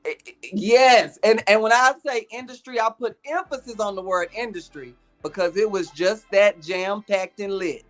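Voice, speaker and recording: A man co-hosting a casual podcast, speaking in a measured way with frequent ums and uhs. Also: high voice, a bit bright, faint music behind. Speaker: podcast co-host. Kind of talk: casual recap chat.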